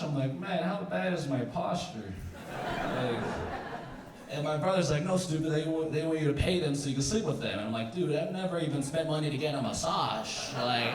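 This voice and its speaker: A man's voice: on the high side, roomy sound, recorded from a distance. A young man doing a stand-up comedy set, rambling and stumbling over his words, acting out his own and other people's lines. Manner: rambling, self-interrupting, acts out quotes.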